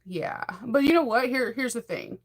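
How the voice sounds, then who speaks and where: A woman's voice: on the high side, lively intonation, moderate pace. A middle-aged woman hosting a sewing channel, chatting casually in a rambling, enthusiastic way and laughing often. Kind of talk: casual chat.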